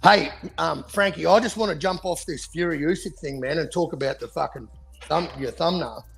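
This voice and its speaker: A man's voice: on the high side, moderate pace, creaky, fairly bright tone. A man co-hosting a casual boxing podcast, talking in profane, heated rants. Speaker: podcast co-host.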